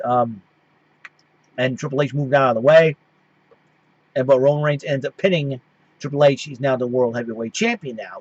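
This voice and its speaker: A man's voice: a little high, no room sound, dull audio. A man hosting his own show, giving a casual recap that rambles and keeps restarting its sentences. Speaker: host.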